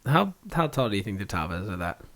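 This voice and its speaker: A man's voice: fairly low pitch, sing-song, fast talker, a bit bright. Laid-back young surfer guy. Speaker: podcast co-host. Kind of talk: casual podcast chat.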